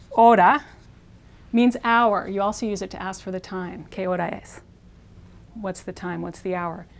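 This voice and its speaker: A woman leads a pronunciation lesson with a calm, mid-range voice. She slows down to model each Spanish word and says it several times so learners can copy it. Her delivery is clear and methodical. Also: medium pitch. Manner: slow, careful modeling of Spanish words, repeated for practice. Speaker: Spanish teacher. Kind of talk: instructional video lesson.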